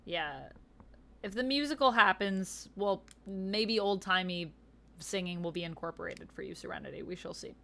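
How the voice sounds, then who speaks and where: A woman's voice: fairly low pitch, animated, moderate pace, gravelly, fairly bright tone, a little hiss or hum. A woman hosting a tabletop game stream from home, upbeat and giggly over a video call. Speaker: host. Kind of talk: casual chat while playing a tabletop game.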